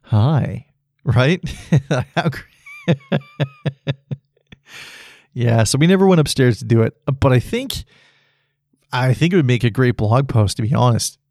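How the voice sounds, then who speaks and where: A man's voice: medium pitch, lively intonation, brisk, darkish tone, no room sound, clean studio sound. A man hosting a solo podcast, rambling casually and laughing at his own jokes. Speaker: podcast host.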